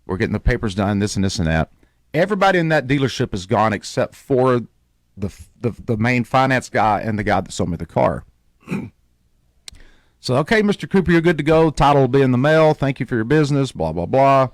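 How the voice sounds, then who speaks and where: Male radio host, lively storyteller, dry close mic. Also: medium pitch, brisk, no echo. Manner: animated storyteller, acts out quoted voices.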